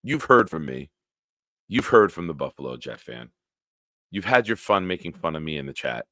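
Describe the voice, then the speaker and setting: A man's voice: very deep voice, very animated, moderate pace, fairly bright tone, no room sound, clean studio sound. A man hosting a casual live-stream sports talk show, ranting with lots of profanity and answering chat comments.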